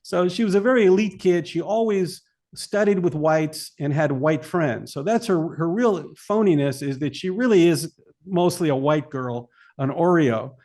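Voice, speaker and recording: A man's voice: on the high side, darkish tone. A man speaking as a filmmaker guest in an interview, emphatic and argumentative. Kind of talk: interview talk.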